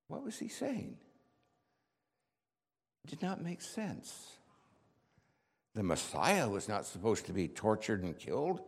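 A man playing impulsive, earnest Peter. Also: mid-range voice. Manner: heartfelt storytelling, rising to shouts. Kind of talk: dramatic first-person monologue. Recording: long hall reverb.

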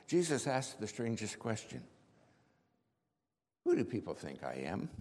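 A man acting as the apostle Peter, telling his story in a heartfelt first-person monologue. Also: low voice. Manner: heartfelt storytelling, rising to shouts. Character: the apostle Peter, impulsive and earnest. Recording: long hall reverb.

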